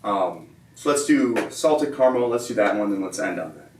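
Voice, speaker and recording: A man co-hosting a casual protein bar taste test, reading out labels in a relaxed way. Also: lowish voice, normal speed, slight background noise. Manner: relaxed, reads out nutrition labels. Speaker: co-host reviewing protein bars. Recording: roomy, mic at a distance, faint ambience.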